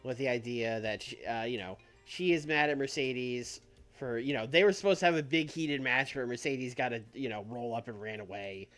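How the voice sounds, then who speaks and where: A man live-streaming a wrestling booking game in casual chat, thinking out loud, swearing easily and trailing off mid-sentence. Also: mid-range voice, moderate pace, few pauses. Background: faint background music.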